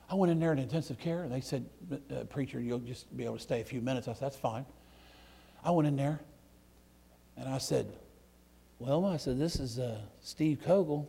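Middle-aged man, preacher, folksy sermon storyteller, gravelly and breathy, leaps from shouting to a hush. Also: medium pitch. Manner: folksy, swings from loud outbursts to hushed near-whispers.

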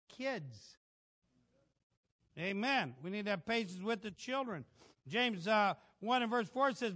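A middle-aged man preaching a folksy, animated sermon, asking the congregation for amens. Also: very high-pitched.

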